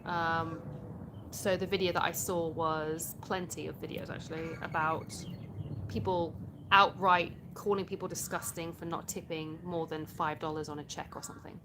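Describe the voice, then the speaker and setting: A woman's voice: low voice, fairly even intonation, moderate pace, background noise. A woman with an English accent, chatting casually on a live stream, answering viewer comments, laughing often and sometimes searching for words. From born in the US, raised in England.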